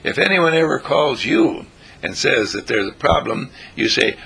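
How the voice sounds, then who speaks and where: A man delivers a rambling inspirational radio talk, repeating his phrases with theatrical flair. His voice is bright and forceful yet deeply raspy, with gravelly fry at the bottom. His pitch leaps and swoops in a very lively way. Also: moderate pace. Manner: repetitive, theatrical, breaks into song snatches. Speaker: spiritual radio host.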